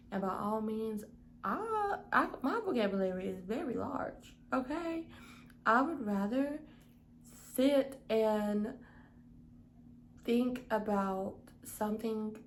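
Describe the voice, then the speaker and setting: Young woman leading a casual Bible study, earnest and conversational, medium pitch, light background hiss. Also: poor audio. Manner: earnest, repeats "okay?" to the listener. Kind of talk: casual devotional teaching.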